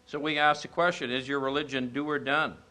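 A man preaching a sermon as a pastor, telling stories and asking rhetorical questions, rising to emphatic peaks and dropping low and quiet. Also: steady tone, a little fast.

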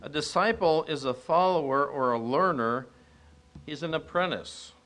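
A man preaching a sermon as a pastor, telling stories and asking rhetorical questions, rising to emphatic peaks and dropping low and quiet. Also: moderate pace.

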